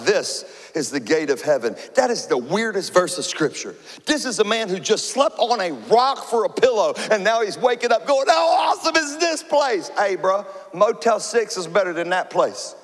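A male pastor preaching a sermon with animated, humorous storytelling, in a church hall with a long reverb. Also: high-pitched.

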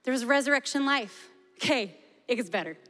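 Woman preacher in her 40s, passionate and fairly high-voiced, long hall reverb with faint music underneath. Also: lively intonation, a little fast. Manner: passionate, shifting to hushed prayer. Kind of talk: sermon testimony and prayer. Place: large church hall. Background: soft music.

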